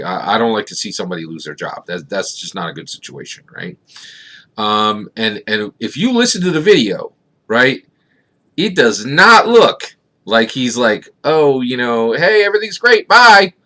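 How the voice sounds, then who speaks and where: Middle-aged guy from philly, bright forceful voice, rambly vlog talk, lots of "right?". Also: on the low side, big pitch swings, normal speed. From Philadelphia, USA. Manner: rambling, keeps asking "right?", many fillers. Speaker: tabletop gaming YouTuber. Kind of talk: casual vlog commentary.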